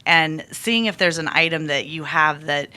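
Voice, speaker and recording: A woman's voice: low-pitched, normal speed, sharp tone. A woman guest on a podcast, talking casually and rambling with lots of fillers and restarts. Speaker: guest, toy company salesperson.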